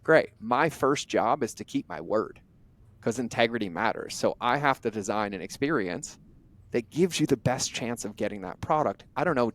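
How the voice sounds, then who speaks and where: A middle-aged man, a podcast guest, telling stories in a blunt, animated way and acting out bits of dialogue as he goes. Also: mid-range voice. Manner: animated, acts out imagined dialogue in quick bursts; blunt, drops the odd curse. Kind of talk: conversational interview storytelling.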